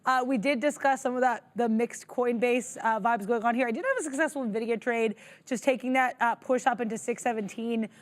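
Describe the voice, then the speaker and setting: A woman's voice: fairly high pitch, a little fast, hardly any pauses. A woman co-hosting a live trading show, giving chatty, upbeat market commentary with many fillers and reading viewer messages aloud.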